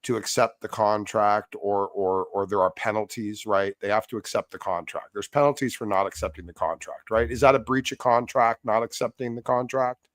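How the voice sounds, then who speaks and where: A man's voice: fairly low pitch, steady tone, moderate pace, hardly any pauses, no room sound, studio quality. A man moderating a live stream debate, pressing his questions step by step. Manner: insistent, methodical questioner.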